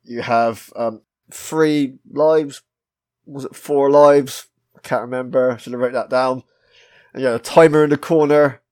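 A man's voice: mid-range voice, steady tone, a little slow, darkish tone. A man with a British accent hosting a casual podcast, chatting about a retro game, swearing freely and laughing at himself. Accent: British English. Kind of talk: casual chat.

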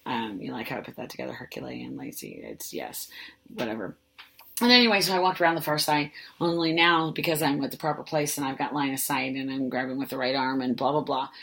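A woman's voice: sits low, vocal fry, fairly bright tone. A woman hosting a podcast, telling a story in a rambling, self-mocking way, full of "like" and casual swearing. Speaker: podcast host. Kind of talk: casual solo storytelling monologue.

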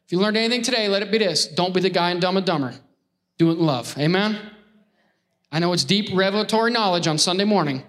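High-voiced, animated male preacher. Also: fast. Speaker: pastor. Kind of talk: lively sermon with crowd call-outs.

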